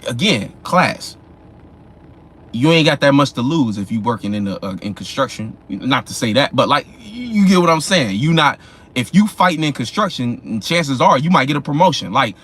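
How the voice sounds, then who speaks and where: A man's voice: medium pitch, animated, fairly bright tone, husky. A man giving a casual astrology talk in a loose, profane, slangy way. He often asks "you know what I'm saying" and acts out the people in his examples. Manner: acts out imagined people in quick voices. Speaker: astrology vlogger.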